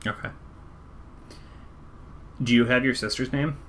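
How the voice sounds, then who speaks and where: A man's voice: medium pitch, fairly even intonation, measured pace, a bit bright, slight background noise. A man narrating a tabletop game as game master in a casual, rambling way. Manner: casual, filler-heavy, conversational.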